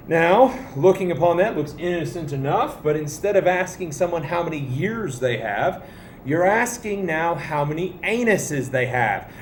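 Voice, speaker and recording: A man's voice: high-pitched, big pitch swings, unhurried, a little hiss or hum. A man teaching a language lesson to students, patient and explanatory with playful emphasis. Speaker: Spanish teacher. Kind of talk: classroom video lesson. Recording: echoey room, faint ambience.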